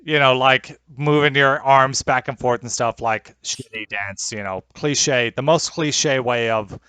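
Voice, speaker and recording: Young male game master on a video call, hesitant and rambling, dry sound, mid-pitched. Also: measured pace, pushed and bright, clean tone, no echo. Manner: rambling, hesitant, many fillers. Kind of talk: narrating a tabletop game over a call.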